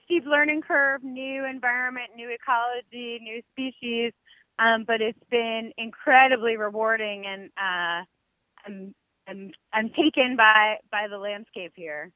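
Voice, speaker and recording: A woman from Connecticut working as a wildlife biologist, answering interview questions in an earnest, measured way. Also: a little high, steady tone, no echo, highs cut off. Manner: earnest, measured, some restarts.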